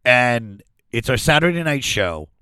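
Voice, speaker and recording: A man from the Washington D.C. area, a comedian guest telling stories in casual podcast chat, animated and profane, acting out the voices of people he quotes. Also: mid-range voice, measured pace, clear, resonant tone, no room sound, studio quality.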